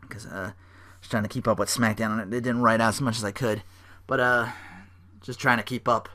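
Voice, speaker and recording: Rambling, bright-voiced young man recapping wrestling. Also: on the low side, steady tone, brisk. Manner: rambling, swears, acts out wrestlers' lines with loud bursts. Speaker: podcast host.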